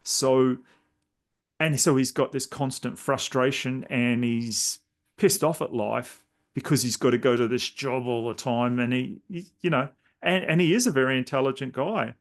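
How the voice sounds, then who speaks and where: Rambling through casual stories with frequent restarts, a male podcast host speaks in a mid-range voice at a moderate speed.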